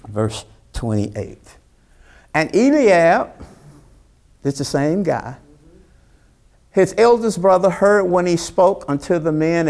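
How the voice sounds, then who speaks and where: A man preaching a sermon, retelling a story with dramatic voices for its characters and questioning his congregation directly. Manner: preaching with dramatic character voices, rising to high excited pitch. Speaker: pastor.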